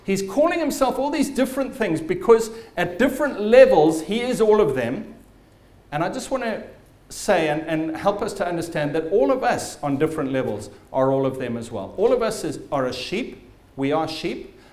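Guy pastor preaching, kinda high voice, big echoey church sound, tells it like a story. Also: very animated, moderate pace, a little mellow. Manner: vivid storytelling, emphatic. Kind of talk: sermon.

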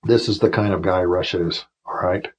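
A retired officer in his fifties tells long stories as a podcast guest, wandering through asides and restarts and turning emotional. His voice sits low. It has a husky, slightly rough grain. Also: fairly even intonation, normal speed, dull audio. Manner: rambling, emotional anecdotes with many restarts. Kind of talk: storytelling in a casual interview.

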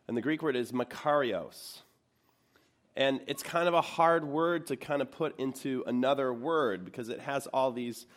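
A pastor giving a sermon in a church, his voice sitting at an ordinary middle pitch for a man. He talks to the congregation in a relaxed, conversational way and often stops to ask them questions.

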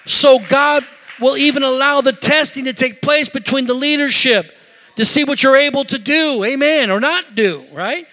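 A man's voice: extremely high pitch, normal speed, pushed and bright, big-room sound. A middle-aged man preaching a sermon as pastor, emphatic, with call-and-response asides to the congregation.

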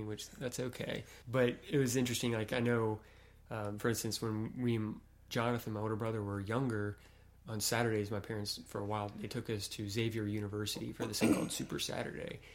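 A man from Kentucky with a low voice and a fairly flat delivery chats in an easygoing way. His talk is full of filler phrases. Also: a little fast, few pauses. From Kentucky, USA. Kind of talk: casual conversation.

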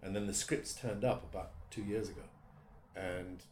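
A middle-aged voice actor, chatting in an interview in a self-deprecating way, laughing often. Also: male voice, on the low side, fairly even intonation, normal speed, darkish tone, slight background noise. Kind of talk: casual interview chat. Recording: roomy echo.

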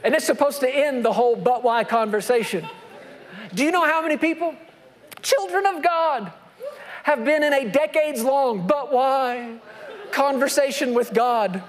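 A man preaching a sermon as a pastor, animated, swinging from quiet to shouted emphasis with long drawn-out phrases. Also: very high voice. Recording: long reverb of a large hall.

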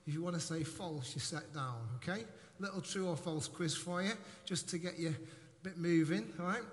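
A man's voice: fairly high pitch, moderate pace. A middle-aged pastor, preaching in a playful, jokey way to his congregation in a church hall. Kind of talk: sermon. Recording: echoey hall with faint noise.

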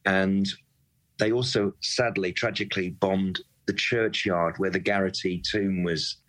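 A man with a very deep voice talks football in a podcast conversation. He is passionate and emphatic, and he doubles up his words as he presses his points. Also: fairly even intonation, a little slow, fairly bright tone, low-quality recording. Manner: passionate, emphatic, repeats words when worked up. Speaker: football club supporter guest.

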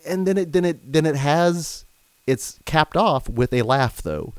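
A man's voice: fairly high pitch, animated, a little slow, clean tone, no room sound. A man hosting a podcast who chats casually about films and steers the conversation along. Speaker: podcast host. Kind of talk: casual film chat.

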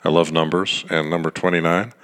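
A man's voice: sits low, level tone, fairly quick, fairly bright tone. A middle-aged man hosting a podcast, rambling in a chatty, wisecracking way through casual baseball commentary. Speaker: podcast host.

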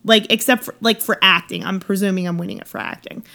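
A woman's voice: medium pitch, fairly even intonation, fast, creaky, sharp tone. A woman co-hosting a comedy podcast, ranting in mock exasperation and laughing often. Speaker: podcast co-host. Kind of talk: casual comedic chat. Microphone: headphones on, home podcast mic.

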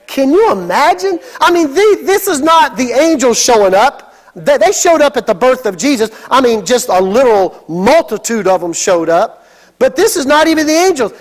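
A man preaching a sermon as pastor, with a dramatic delivery that swings into shouted exclamations. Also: very high voice.

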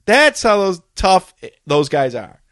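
A man's voice: high-pitched, very animated, takes it slowly, a bit bright. A middle-aged man, an actor and comedian, telling a comic story in casual chat. He acts out quotes and laughs often.

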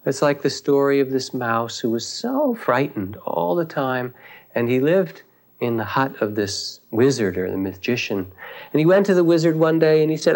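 A man giving a dharma talk as a meditation teacher, reflective and unhurried, with thoughtful pauses as he tells a teaching story. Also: medium pitch, very animated, darkish tone.

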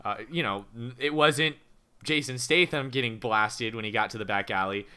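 Podcast guy picking apart a movie plot, smooth bright voice, thinks out loud. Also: medium pitch. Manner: measured, analytical, some restarts. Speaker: podcast co-host. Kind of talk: casual film discussion.

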